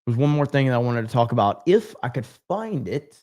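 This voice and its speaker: A man's voice: mid-range voice, big pitch swings, fairly quick, darkish tone. A man hosting a livestream, chatting casually and reading out viewer comments in a loose, profane, rambling way. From United States. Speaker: livestream host.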